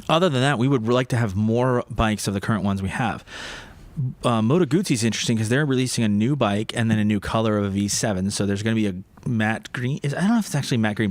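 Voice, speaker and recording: A man's voice: lowish voice, dry recording. A man co-hosting a casual livestream from a motorcycle shop showroom, rambling and self-correcting, laughing easily.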